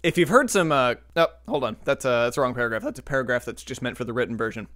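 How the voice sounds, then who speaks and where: A man's voice: mid-range voice, fast, fairly bright tone, dry recording. Dry-miked man reading history notes. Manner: reads notes with joking asides and occasional slips. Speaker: podcast co-host reading the episode script. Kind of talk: scripted history narration mixed with casual chat.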